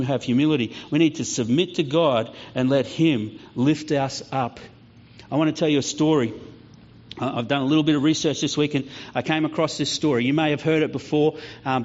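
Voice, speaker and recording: A man preaching a sermon, telling stories and acting out voices along the way. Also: a little high. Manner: storytelling preacher, acts out voices, lively. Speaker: pastor. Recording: slightly dull lo-fi sound.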